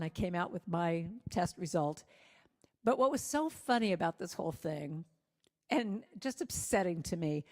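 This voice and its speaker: A woman singer-songwriter, a guest speaker, telling a self-deprecating personal story to a congregation with lively humor. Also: medium pitch. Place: church sanctuary. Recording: long reverb of a church hall.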